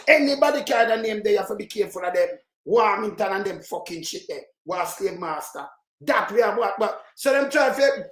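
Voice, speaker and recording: A speaker with a Jamaican accent giving an angry, profane political rant that keeps breaking into shouts. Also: medium pitch. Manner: profane, heated, shouts in bursts. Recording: roomy echo.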